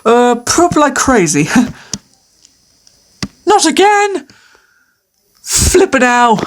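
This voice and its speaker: A woman chatting on her own through a quiz, playful and hesitant, with many fillers and frequent laughter. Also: on the high side. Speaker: video creator answering quiz questions. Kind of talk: casual solo commentary.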